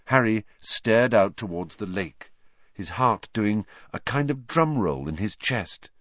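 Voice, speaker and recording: A male audiobook narrator reads a fantasy novel with a lively, animated delivery and dramatic pauses. The sound is dry and close, slightly dull and lo-fi. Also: fairly low pitch, no echo.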